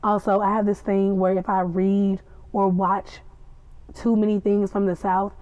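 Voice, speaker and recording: In a casual podcast chat, a young host reviews a TV episode, animatedly recounting it like gossip and performing the characters' quotes. She speaks unhurriedly in a mid-range voice, on a muffled recording with no room sound.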